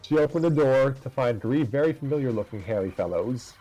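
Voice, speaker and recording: A man narrating a fan story aloud in a steady, laid-back way. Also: medium pitch, brisk, soft background music, rough recording.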